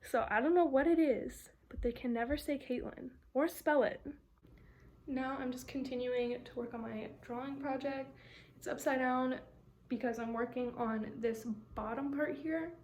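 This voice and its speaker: High-voiced young woman, chatty vlogger. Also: normal speed, darkish tone, slight background noise. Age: young adult. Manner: chatty storytelling with many "like" fillers. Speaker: art student vlogger. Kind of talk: casual vlog chat.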